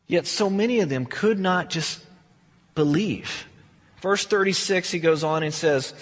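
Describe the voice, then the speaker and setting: A man preaches in a loose, conversational way, stumbling and repeating words as he goes. His voice sits high and a little husky. The sound rings with a long reverb, as in a large hall. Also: unhurried. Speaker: pastor. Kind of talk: sermon.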